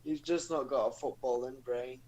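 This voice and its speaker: A man co-hosting a casual football chat show, hesitant with many pauses and blunt opinions. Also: mid-range voice, fairly even intonation, darkish tone, poor audio. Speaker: podcast co-host.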